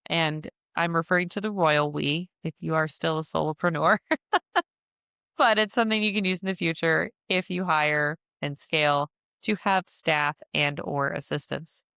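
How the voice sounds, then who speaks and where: Low, smooth-voiced woman podcast host. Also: fairly bright tone, dry recording, clean studio sound. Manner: chatty, frequent "like" fillers, laughs at herself. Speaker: podcast host and business mentor. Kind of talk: casual instructional podcast.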